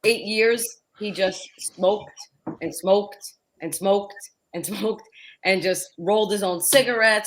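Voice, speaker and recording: A woman in casual conversation, talking in halting bursts with stammered restarts. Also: medium pitch, a little hiss or hum. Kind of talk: casual panel chat.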